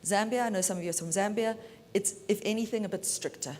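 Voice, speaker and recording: A woman from South Africa giving a brisk, chatty and self-assured talk as a media lawyer at a conference. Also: a little mellow. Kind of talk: keynote talk. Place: conference hall. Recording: reverberant hall, faint rumble.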